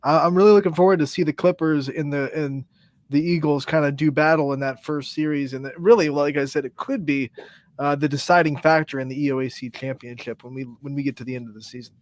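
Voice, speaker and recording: A man's voice: a little high, steady tone, fast, dry recording, studio quality. A man co-hosting a sports show, laying out upcoming games in detail. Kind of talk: casual sports chat.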